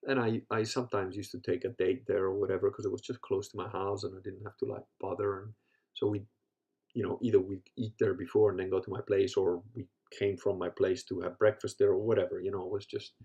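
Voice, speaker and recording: A man's voice: deep voice, little pitch movement, fast, dark tone, dull audio. A man telling casual, rambling stories full of profanity and laughter, acting out other people's lines as he goes. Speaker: podcast host. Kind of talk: casual storytelling chat.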